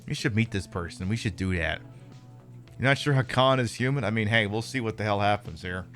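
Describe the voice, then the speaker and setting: Wry, bright-voiced man streaming a game. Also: lowish voice, a little fast, soft background music. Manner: wry, deadpan asides. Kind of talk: playing and commenting on a video game.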